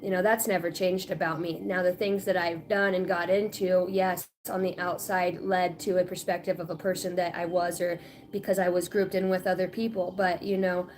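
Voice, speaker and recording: A woman in her late thirties chatting casually on a spiritual livestream, rambling and animated, often laughing. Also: on the low side, moderate pace, a little hiss or hum. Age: 30s. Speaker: spiritual reader.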